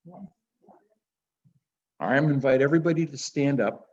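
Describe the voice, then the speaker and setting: A male minister teaches a live class in a relaxed, conversational way. He asks the group questions and leads them through an exercise. The recording is a little dull and lo-fi. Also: mid-range voice, a little fast. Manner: conversational, guiding the class with direct questions and instructions.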